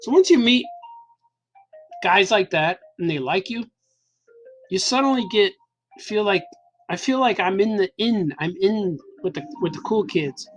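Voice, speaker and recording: A cartoonist in his forties hosts a video where he draws while casually telling an enthusiastic, meandering story, laughing often. His voice is high and animated, his pace unhurried with long pauses, and the camera-mic audio is dull with faint music behind it.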